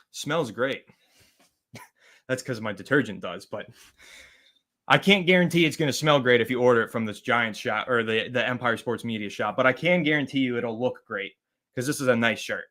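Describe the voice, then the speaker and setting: Bright-voiced chatty man hosting a stream. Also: medium pitch. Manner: chatty, rambling, shouts out viewers by name. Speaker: host of a fan live stream. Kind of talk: casual live-stream chat reading viewer comments.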